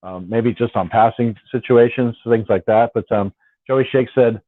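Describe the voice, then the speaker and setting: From home on the West Coast, a man with a mid-range voice chats through a casual late-night fan live stream at normal speed, rambling and repeating words. The recording is dry and has a tinny, phone-like quality.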